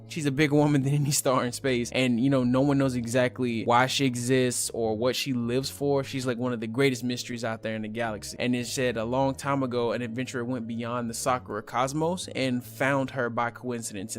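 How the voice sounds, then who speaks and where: A man casually recapping a manga chapter, talking loosely with lots of fillers and slang. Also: mid-range voice. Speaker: manga reviewer.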